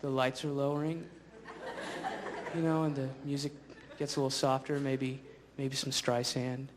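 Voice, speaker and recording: A man doing stand-up comedy on stage before a live audience, rambling and sardonic, slipping into quick voices. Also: mid-range voice, level tone. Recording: live stage with noisy crowd.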